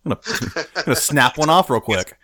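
Crude joking podcast host, man, lively pitch, dry close sound. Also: quick pace, dry recording. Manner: joking, crude, laughing along. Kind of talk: casual banter.

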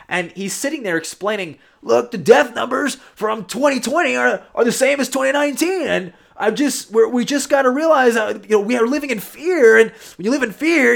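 Brief: male commentary host, fairly high voice, rambling, emphatic, leans on tag questions. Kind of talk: opinionated commentary monologue.

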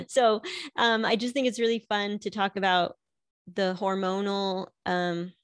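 A woman's voice: mid-range voice, flat delivery, measured pace, smooth, dry recording, studio quality. A middle-aged woman chatting casually about her marriage, laughing often and filling her talk with "like". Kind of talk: casual personal chat.

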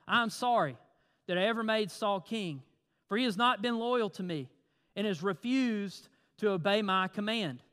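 A man's voice: sits high, fairly bright tone. A man preaching a sermon in a conversational way, asking the congregation questions and reading scripture aloud. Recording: long hall reverb.

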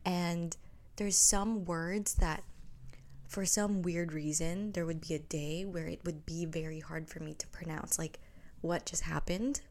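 A woman's voice: on the low side, steady tone, unhurried, a little mellow. A young woman from the Philippines who speaks English with an American accent and a slight Filipino tinge, hosting a casual chat podcast from home at night, rambling and sometimes dropping into whispers. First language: Tagalog. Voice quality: chatty, rambling, drops into whispers. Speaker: podcast host.

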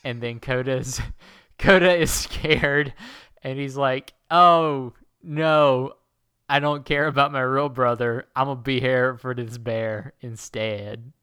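A man with a bright, clean-toned voice chatting casually as a co-host. He retells a story in a rambling, jokey way and drops into goofy voices for the characters. The sound is dry and close. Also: mid-range voice, fairly even intonation, unhurried, clear, resonant tone, no echo. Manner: jokey, rambling plot recap with silly quoted voices. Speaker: podcast co-host. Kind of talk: casual comedic chat.

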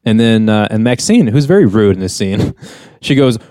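A man co-hosting a podcast, casually recapping a sitcom episode and acting out the characters' lines in higher voices, with frequent chuckles. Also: lively intonation, moderate pace, mellow, dry recording, clean studio sound. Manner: laid-back storytelling, acts out quotes in higher voices, chuckles often. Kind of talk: casual chat.

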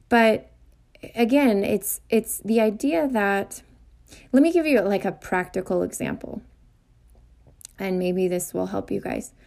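Earnest woman with a mellow voice. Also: mid-range voice, gravelly. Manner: rambling, self-correcting, earnest. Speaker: podcast host. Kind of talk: casual spiritual talk.

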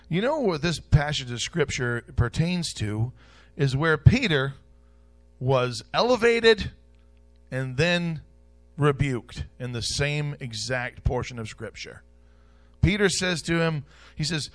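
A man preaching a sermon in a church, repeating key phrases and swinging between loud declarations and soft asides. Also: on the high side, lively intonation, takes it slowly.

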